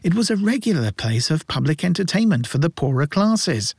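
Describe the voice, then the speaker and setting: A man narrating a classic novel in a measured, gently ironic reading voice. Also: on the high side, big pitch swings, creaky, husky, no room sound, clean studio sound. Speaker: audiobook narrator. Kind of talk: scripted narration.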